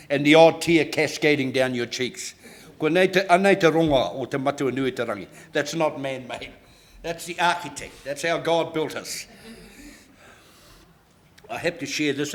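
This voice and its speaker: A man in his sixties with a New Zealand accent, giving a humorous, animated keynote speech full of stories and laughter. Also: fairly high pitch. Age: 60s. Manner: animated, joking, laughs often. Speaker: keynote speaker.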